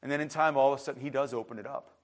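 A man preaching a sermon as a pastor, emphatic, his voice swinging between loud outbursts and hushed asides. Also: mid-range voice, steady tone, racing.

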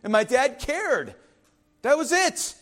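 Emphatic, animated male pastor preaching. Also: extremely high pitch, takes it slowly. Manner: emphatic, repeats phrases, frequent "right?" asides; swings between loud declarations and quiet confiding asides. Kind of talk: sermon.

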